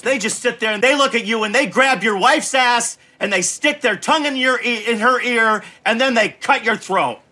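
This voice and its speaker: A man's voice: sits high, lively intonation, normal speed, hardly any pauses, pushed and bright, soft background music. A man in his fifties giving profane, exasperated gameplay commentary and scolding the game aloud. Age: 50s. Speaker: gaming channel host.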